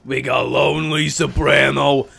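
A man with a gravelly voice, giggling through crude joking while playing a game. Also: mid-range voice, fairly even intonation, unhurried, bright, forceful tone, a little hiss or hum. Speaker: streamer. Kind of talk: casual gaming chat.

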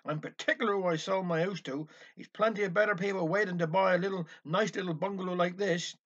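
A man voicing a prim, haughty middle-aged woman, speaking high and stiff. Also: fairly even intonation, fast, fairly bright tone. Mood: indignant. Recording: dull lo-fi recording.

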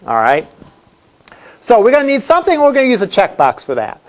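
A man's voice: very high-pitched, huge pitch swings, a little fast. A male college instructor giving a classroom lecture in a conversational way, asking the class questions as he goes.

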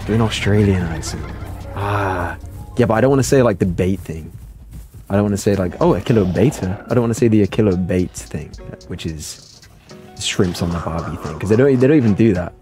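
A man's voice: deep voice, a little fast, dark tone, soft background music. A young man chatting playfully through a gaming livestream and answering his viewers' chat aloud. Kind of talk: casual livestream commentary.

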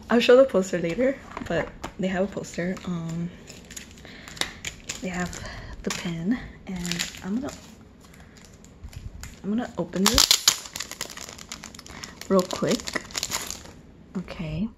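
A woman unboxing on her vlog, gushing at each item and slipping into soft whispered exclamations. She talks slowly, with long pauses between her bursts. A faint hiss of noise sits under her voice. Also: mid-range voice. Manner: gushing, excited, drops often into breathy whispers. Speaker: vlogger. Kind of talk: unboxing video.

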